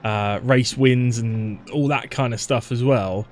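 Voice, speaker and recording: A man's voice: medium pitch, fairly even intonation, slow. A man hosting a live race stream, reading out viewer messages and tossing questions to co-hosts, upbeat with frequent fillers. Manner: upbeat, reads out viewer chat, hesitant fillers. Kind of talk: casual live-stream commentary chat.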